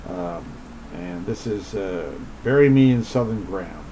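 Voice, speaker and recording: A man hosting a radio show, speaking casually and haltingly with many filler words. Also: low voice, lively intonation, noisy background. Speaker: radio host.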